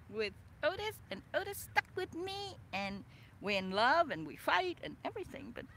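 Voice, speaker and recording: A woman reads from her own memoir with theatrical expression, dipping soft and then rising loud. Her tone is bright and forward, at a middle pitch, and she drops into casual asides to the listener. Faint background noise sits under her voice. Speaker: author reading her own book. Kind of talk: dramatic memoir read-aloud with asides.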